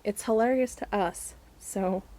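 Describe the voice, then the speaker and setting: A woman's voice: mid-range voice, measured pace, dark tone, poor audio. A woman vlogger casually telling a funny story to the camera, outdoors in her garden, chatty and laughing as she goes.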